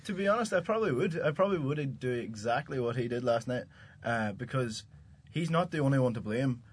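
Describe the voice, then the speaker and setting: A man's voice: mid-range voice, expressive, brisk, slightly rough. A man co-hosting a football podcast in a studio, giving blunt, firm opinions. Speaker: podcast co-host. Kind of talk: casual sports chat.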